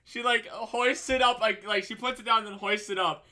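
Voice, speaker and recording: A man's voice: high-pitched, fairly even intonation, normal speed, sharp tone. A man running a tabletop game as dungeon master, narrating in a casual, profane way and laughing along.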